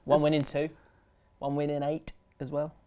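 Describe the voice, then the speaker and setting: A young man, co-hosting a casual football podcast, telling stories with quick sweary asides. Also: a little high, a little hiss or hum. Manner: animated storytelling, laughs, quick sweary asides. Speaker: podcast co-host.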